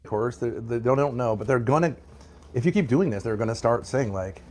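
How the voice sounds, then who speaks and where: A man's voice: mid-range voice, fairly quick, darkish tone. A man in casual commentary, ranting bluntly and profanely, often repeating himself. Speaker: stream guest commenting on drama.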